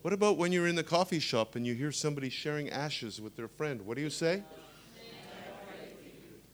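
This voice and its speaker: A man in his sixties preaching a sermon, telling stories with humorous asides and animated emphasis. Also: on the high side, quick pace.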